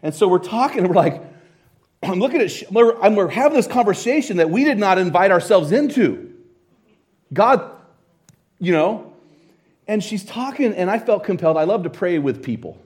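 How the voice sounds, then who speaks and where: A middle-aged American man delivers a sermon in an animated, conversational storytelling manner. His voice sits a little high for a man and swings widely, rising for excitement and falling low for scripture. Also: moderate pace, long pauses. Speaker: pastor.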